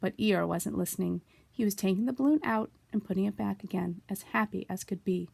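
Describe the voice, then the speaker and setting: A woman reading a children's book aloud in a gentle, unhurried storytelling manner. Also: mid-range voice, creaky, husky, no room sound. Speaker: storybook reader.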